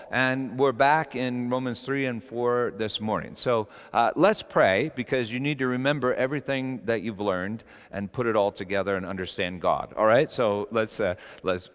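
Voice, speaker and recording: A middle-aged man preaching a sermon as pastor, telling stories and acting out quotes with sudden shouts. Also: mid-range voice, smooth, long reverb tail.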